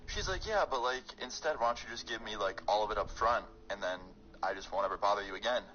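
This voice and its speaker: A young man telling a rambling, excitable storytime on his vlog, full of fillers. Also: fairly low pitch, fast talker, muffled recording, slight background noise. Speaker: YouTuber storyteller.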